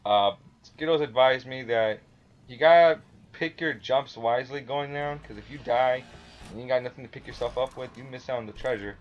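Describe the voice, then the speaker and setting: A man's voice: medium pitch, moderate pace, lo-fi sound. A man giving a casual, rambling play-by-play commentary over his own gameplay footage. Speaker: gamer, channel host. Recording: game sounds behind the voice.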